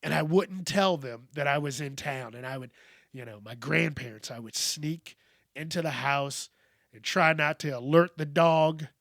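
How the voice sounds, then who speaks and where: A man hosting a podcast, speaking in a candid, reflective monologue that is full of cursing, with frequent pauses and soft trailing-off. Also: a little high, creaky, no room sound, clean studio sound. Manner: candid, profane, pauses often and trails off softly. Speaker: podcast host.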